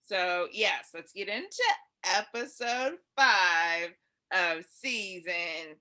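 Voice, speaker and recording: A woman's voice: lowish voice, lively intonation, drawn-out words, pushed and bright. A woman co-hosting a casual comedy podcast, laughing easily and making dry asides. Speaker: podcast co-host. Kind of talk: casual chat.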